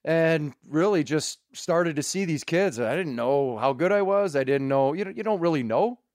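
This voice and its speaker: A man's voice: fairly high pitch, expressive, normal speed, darkish tone, no room sound, clean studio sound. A man from Canada, a former hockey player, telling stories in casual chat, laughing often and swearing freely.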